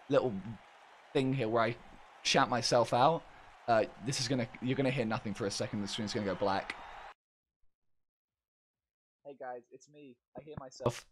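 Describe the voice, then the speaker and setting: A man with a hoarse, worn-out voice hosts a live stream. He calls the action loudly and excitably. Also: medium pitch, slight background noise. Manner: excitable, shouts play-by-play. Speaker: streamer and event host.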